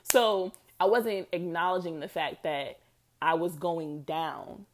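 A woman's voice: on the low side, slow. A woman hosting her own podcast, talking alone in a chatty, reflective way with lots of fillers and frequent laughter. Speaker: podcast host. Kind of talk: casual solo podcast monologue.

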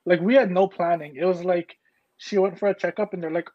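A man's voice: high-pitched, fairly even intonation, brisk, dark tone, dull audio. A man in casual chat, full of slang like bro and like, telling his story about his first child. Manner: slangy, says bro and like often.

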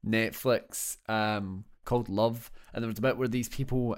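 A man's voice: lowish voice, steady tone, moderate pace, clean tone. A young Scottish man co-hosting a podcast, chatting casually about a film in a rambling, joking way full of fillers. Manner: rambling, jokey, lots of fillers. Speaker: podcast co-host.

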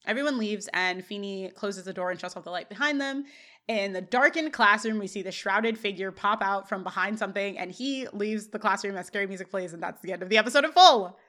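A woman co-hosting a podcast, briskly recapping an episode with quick laughs. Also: mid-range voice, sharp tone. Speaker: podcast co-host.

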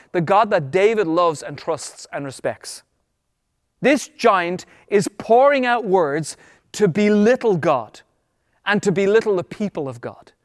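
A man preaching a sermon as pastor, emphatic, slowing down on key words and then rushing ahead. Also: high-pitched, no room sound, clean studio sound, big-room sound. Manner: emphatic preaching, shifting between slow stress and quick bursts.

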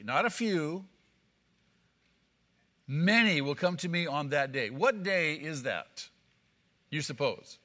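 A man's voice: on the high side, expressive, a little slow, pauses often, sharp tone. A male pastor preaching an emphatic sermon, repeating key phrases for weight. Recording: long hall reverb.

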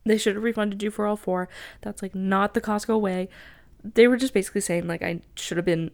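A woman's voice: medium pitch, steady tone, fairly quick, a little mellow. A young woman chatting casually as she tells a long story, rambling and saying "like" often.

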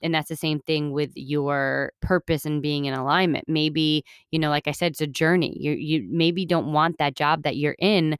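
A woman's voice: sits low, clean tone, no room sound, clean studio sound. A woman hosting a self-help podcast, talking in an earnest, rambling, motivational way with lots of fillers. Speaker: podcast host.

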